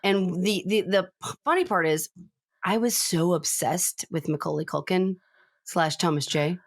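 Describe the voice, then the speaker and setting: A woman's voice: lowish voice, unhurried, no echo, clean studio sound. A woman co-hosting a podcast in casual chat, rambling and restarting her sentences with lots of "like". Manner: rambling, self-interrupting, lots of "like". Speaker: podcast co-host.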